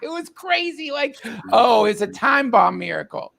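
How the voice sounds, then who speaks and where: Man, higher voice with gravel, tells a story haltingly with feeling. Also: sing-song, a bit bright. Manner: emotional, halting, many fillers and restarts. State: tearful. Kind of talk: casual storytelling.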